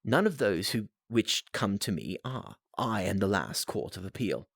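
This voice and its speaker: A narrator puts on a cool, aloof detective who speaks with clipped certainty. The voice stays low and moves with lively inflection. The recording is close and dry. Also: male voice, measured pace, creaky, slightly rough, dry recording, exaggerated voice.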